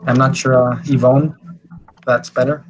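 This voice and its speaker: A man's voice: medium pitch, flat delivery, measured pace, a little hiss or hum, rough recording. Man teaching on a video call. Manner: encouraging, hesitant with fillers. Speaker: English teacher. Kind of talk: online class feedback.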